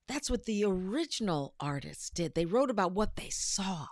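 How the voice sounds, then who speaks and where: A woman co-hosting a casual panel chat, telling animated stories and acting out what people say. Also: medium pitch, moderate pace, dry recording, studio quality. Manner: animated storyteller who acts out quotes. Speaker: podcast co-host.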